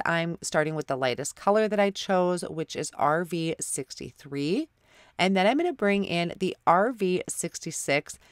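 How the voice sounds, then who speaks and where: A woman's voice: on the low side, no echo, clean studio sound. Stuffed-up woman narrating a craft tutorial. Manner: apologetic, step-by-step explaining. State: stuffy nose from a head cold. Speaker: card-making channel host.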